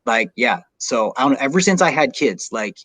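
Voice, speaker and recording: A man hosting a podcast in casual interview chat, talking in an animated, rambling way full of "like". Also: medium pitch, fairly quick, no echo. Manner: animated, rambling, heavy use of "like". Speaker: podcast host.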